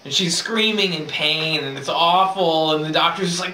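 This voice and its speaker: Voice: mid-range voice, moderate pace. A speaker telling a long joke aloud in a classroom, rambling with many fillers. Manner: rambling with many fillers, building to gleeful excitement. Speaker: joke teller. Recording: roomy, distant, noisy room recording.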